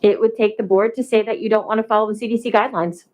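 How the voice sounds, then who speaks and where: A woman administrator answering questions at a board meeting, measured and a bit hesitant. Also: mid-range voice, fairly even intonation, darkish tone. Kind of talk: meeting discussion.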